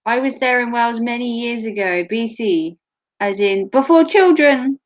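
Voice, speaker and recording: A woman's voice: on the high side, normal speed. Blunt, joking Norfolk woman on muffled audio. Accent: Norfolk English. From Norfolk, England. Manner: chatty, blunt and joking, laughs often. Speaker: host. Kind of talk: casual chat. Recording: muffled lo-fi recording.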